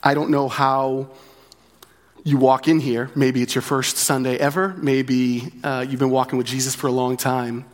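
A man's voice: medium pitch, level tone, moderate pace. A man preaching a sermon as pastor, talking in a conversational way, repeating key phrases and often asking "right?". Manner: conversational, with frequent tag questions.

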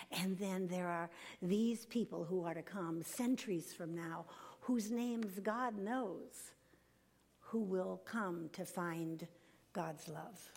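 An older woman giving a devotional talk, earnest and emphatic, slowing down and sometimes dropping to a whisper. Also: lowish voice, vocal fry, darkish tone, slightly rough. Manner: earnest, slow and emphatic, drops to a whisper at times. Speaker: speaker.

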